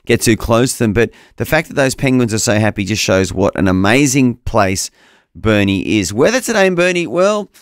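A man's voice: medium pitch, lively intonation, moderate pace, clean tone, dry recording. A man co-hosting a breakfast radio show, upbeat, chatty and enthusiastic, on a studio microphone. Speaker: radio co-host. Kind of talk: casual breakfast radio chat.

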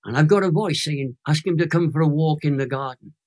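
Older Welsh man, 80s, slightly high-pitched, emotional and animated testimony teller. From Wales. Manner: animated, emotional storytelling with dramatic pauses. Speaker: guest. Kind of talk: storytelling testimony.

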